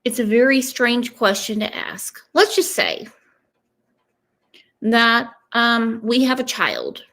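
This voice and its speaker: A woman's voice: a little high, very animated, takes it slowly, a bit bright. A woman giving casual true crime commentary, emphatic and stopping often to ask "okay?". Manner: emphatic, repeats "okay?" for stress.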